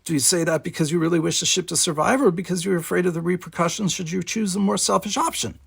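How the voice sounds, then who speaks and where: A man's voice: high-pitched, steady tone, fast, vocal fry, slightly rough, pitched above the performer's own voice, full character voice. A man reading aloud, voicing a proud, stern female cadet in a storybook reading. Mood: fierce.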